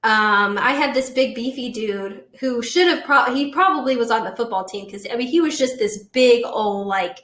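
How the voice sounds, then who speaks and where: A woman in her twenties, a podcast guest, telling a long story in a chatty, animated way full of fillers. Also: on the high side, normal speed, hardly any pauses, echoey room. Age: 20s. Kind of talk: casual storytelling.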